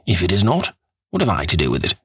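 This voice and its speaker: Man voicing a cynical witty gentleman, low drawl, husky, dry, audiobook. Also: huge pitch swings, quick pace, no room sound, exaggerated voice. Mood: languid. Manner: drawling, amused.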